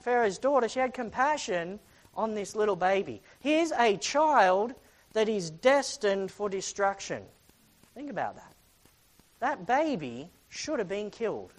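Storytelling preacher, loud then hushed. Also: mid-range voice, rough recording. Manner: dramatic storytelling, rhetorical questions, swings between loud and hushed. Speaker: preacher teaching a Bible passage. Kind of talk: Bible teaching with scripture readings.

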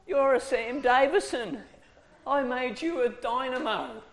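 A man voicing the Lord as a calm, direct male voice while telling a story in a sermon. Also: very high voice, unhurried, voice pushed up, full character voice. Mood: reassuring.

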